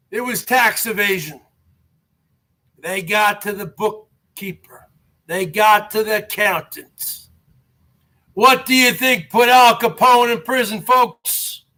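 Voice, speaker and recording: A man with a strikingly high voice rants through a live-stream commentary, hammering viewers with repeated questions. His slow, deliberate delivery has a bright, sharp edge, and he breaks into shouting to stir up the audience.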